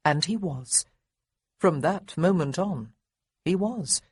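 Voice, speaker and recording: Woman audiobook narrator, husky, lively and wry, dry studio sound. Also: on the low side, slow, no echo. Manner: expressive, wry storytelling. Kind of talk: scripted narration.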